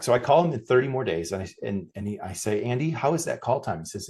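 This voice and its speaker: A middle-aged man, a podcast guest, telling a workplace anecdote in a lively way and acting out the lines of the people in it. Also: on the low side, quick pace. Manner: animated anecdote, acts out quoted dialogue. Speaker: guest, customer experience consultant. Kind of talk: storytelling in a podcast interview.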